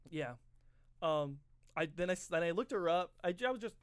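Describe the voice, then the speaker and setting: A man's voice: high-pitched, animated, brisk, clean tone. A young man co-hosts a casual podcast, rambling through anecdotes with a somewhat raised voice. He is recorded on a close mic with a dry sound and no room echo. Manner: rambling storyteller, acts out movie quotes loudly. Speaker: podcast co-host. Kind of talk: casual chat.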